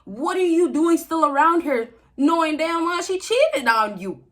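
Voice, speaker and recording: Young woman vlogger, high voice, preachy and emphatic, repeats points, chatty advice to camera. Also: very animated, measured pace. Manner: preachy, emphatic, repeats phrases, laughs often. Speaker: vlogger giving dating advice to men. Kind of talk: casual direct-to-camera advice talk.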